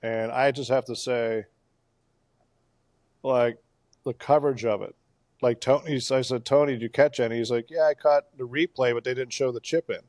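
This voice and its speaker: A man co-hosting a casual golf podcast, telling a play-by-play story with animated bursts of excitement. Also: mid-range voice, moderate pace, no echo, clean studio sound. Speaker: podcast co-host.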